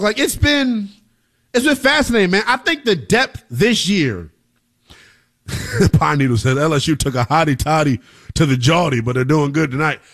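A man's voice: fairly high pitch, a bit bright. A man hosting a live college football talk show, hyped and jokey, talking straight to viewers and reading out score updates. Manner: hyped, hollering, jokey with quick drops to mutters; talks straight to viewers, reads scores and chat comments.

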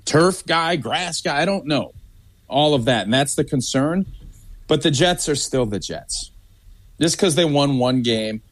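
A man co-hosting a casual sports podcast, giving his game pick with halting restarts. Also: a little high, expressive. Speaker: podcast co-host.

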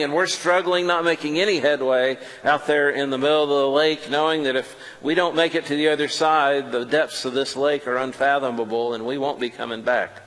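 Male preacher, mid pitch, tells the story in first person, loud then hushed, long hall reverb. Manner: animated, swings between loud and hushed.

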